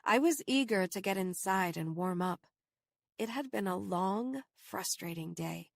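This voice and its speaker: A woman reading a first-person horror novel aloud in steady, measured audiobook narration. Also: medium pitch, gravelly, dry recording, clean studio sound.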